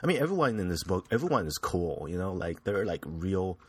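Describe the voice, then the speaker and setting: A man's voice: sits low, big pitch swings, fairly quick, a little mellow, husky, no room sound. A young man hosting a casual solo podcast from a small apartment room, rambling and self-deprecating with lots of restarts. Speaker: podcast host.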